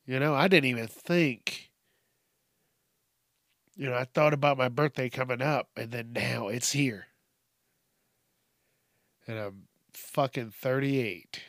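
A man's voice: medium pitch, a bit bright, no room sound. A man in his thirties hosting a solo podcast from a small home studio, rambling and swearing, with lots of fillers and restarts. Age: 30s. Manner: rambling, profane, halting with many fillers. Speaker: podcast host. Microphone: studio microphone.

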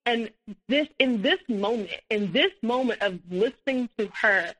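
A woman's voice: on the high side, lively intonation, normal speed, fairly bright tone, poor audio. A woman guest on a podcast, telling a personal story with many fillers and restarts, and acting out the dialogue she quotes. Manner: acts out quoted dialogue, rising when heated.

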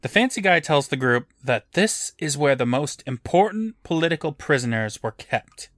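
A man's voice: on the high side, big pitch swings, normal speed, fairly bright tone, dry recording. A man co-hosting a podcast, recapping an episode in a dry, matter-of-fact storytelling manner. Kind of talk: casual recap narration.

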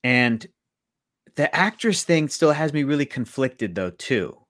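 A man co-hosting a podcast, reviewing a film in casual chat and acting out scenes in quick quoted voices. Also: medium pitch, sing-song, fairly bright tone, no room sound, clean studio sound. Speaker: podcast co-host.

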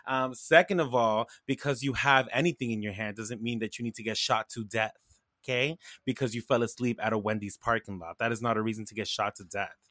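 Bright, sassy man. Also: mid-range voice, fairly even intonation, fairly quick, no echo, clean studio sound. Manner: emphatic, sassy, repeats points. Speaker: co-host. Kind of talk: casual podcast chat.

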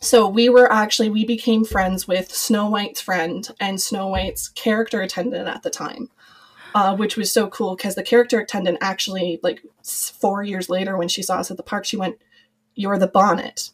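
Animated woman telling a heartfelt story. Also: medium pitch, normal speed, low-quality recording. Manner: animated storyteller, quoting others in lively voices. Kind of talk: casual chat.

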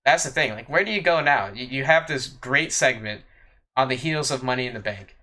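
A man's voice: medium pitch, lively intonation, brisk, sharp tone. A man co-hosting a podcast who chats casually, with many fillers and repeated words. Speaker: podcast co-host.

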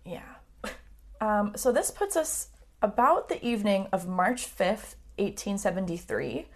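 A woman co-hosting a casual true-crime podcast, relaxed as she tells the story, with frequent fillers. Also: medium pitch, measured pace. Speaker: podcast co-host.

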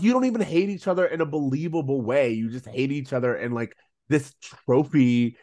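A man's voice: a little high, a little mellow. A man in casual podcast chat, his voice swinging widely up and down as he gets worked up. He keeps jumping into quoted lines in character voices. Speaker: podcast co-host.

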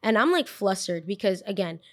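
A woman in her twenties, a podcast host, telling a story in a casual, animated way and acting out what people said. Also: medium pitch, normal speed. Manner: animated, acts out quotes, lots of "like".

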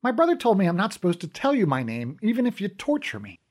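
A man's voice: sits high, huge pitch swings, quick pace, a little mellow, pitched above the performer's own voice, exaggerated voice. A man voicing a small, frightened young male brownie thief who stammers. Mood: scared. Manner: stammering, timid.

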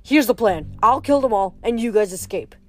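A woman's voice: a little high, expressive, normal speed, darkish tone, faint music behind, close to an everyday voice. Woman putting on a brash, bellowing satyr coach. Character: gruff, rowdy male satyr coach, eager to fight.

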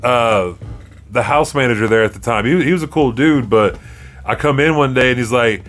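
A man co-hosting a podcast, telling crude jokes and animated stories in casual chat. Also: mid-range voice, moderate pace. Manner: crude, joking, animated storyteller. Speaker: podcast co-host.

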